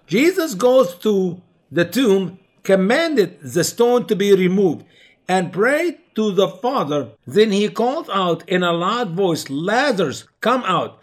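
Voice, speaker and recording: A man preaching a Bible teaching to his listeners, whom he calls his dear friends. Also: sits high. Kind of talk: sermon-style Bible teaching.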